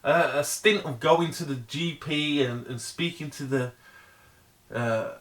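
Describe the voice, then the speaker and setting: A middle-aged man with a high-pitched voice speaks in an earnest, pleading way. He hammers home points through heavy repetition and often trips over the start of a phrase before pushing on. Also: fairly bright tone. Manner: earnest, emphatic, heavily repetitive; halting restarts. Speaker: vlogger. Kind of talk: motivational monologue.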